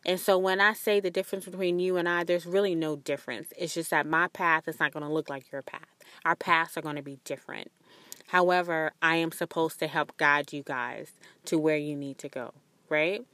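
A woman's voice: steady tone, normal speed, fairly bright tone, dry recording. Earnest woman hosting a spiritual podcast. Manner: earnest, rambling, confiding; acts out quoted voices with sudden high pitch jumps. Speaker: podcast host.

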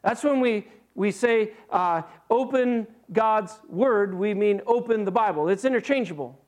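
A man pastor preaching a sermon in a conversational, animated way, with frequent fillers and restarts. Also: high-pitched, unhurried.

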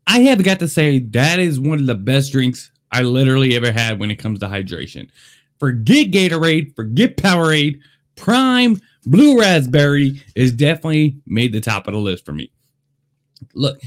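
A man chatting excitedly in a casual taste-test vlog, talking to his viewers. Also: mid-range voice, normal speed. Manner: excitable, chatty, lively delivery. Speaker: vlogger. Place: Las Vegas.

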